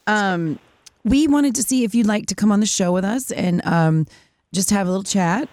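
A woman co-hosting a morning radio show in a studio, throwing in quick, wry remarks. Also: medium pitch, a little mellow, dry recording. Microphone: studio microphone.

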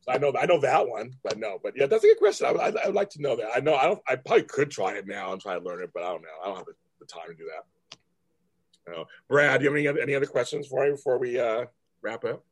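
A man in his fifties from California hosts a casual chat, his voice a little husky and breathy. He rambles, stops and restarts his sentences often, and fills the gaps with ums. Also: mid-range voice, animated, very fast. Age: 50s. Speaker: host.

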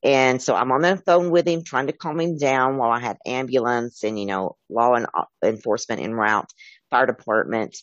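A man's voice: mid-range voice, moderate pace, fairly bright tone, dry recording, highs cut off. Earnest man recounting emergency calls. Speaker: interview guest, former emergency dispatcher. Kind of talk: storytelling in an interview.

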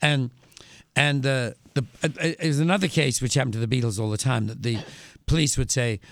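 An older English man, a musician and author, telling wry anecdotes as a guest in an interview, pausing and restarting as he goes. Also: medium pitch, creaky, no echo. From England. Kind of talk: conversational storytelling interview.

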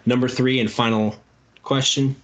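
A man's voice: medium pitch, fairly even intonation, normal speed. A man co-hosting a wrestling podcast, reading out trivia questions and quoted promos in casual chat, laughing easily. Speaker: podcast co-host running trivia.

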